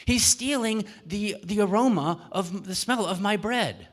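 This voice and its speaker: A man playing an angry, greedy baker who shouts and stammers accusations in a children's story. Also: high-pitched, a little slow, voice pushed up. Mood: accusing. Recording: echoey church hall.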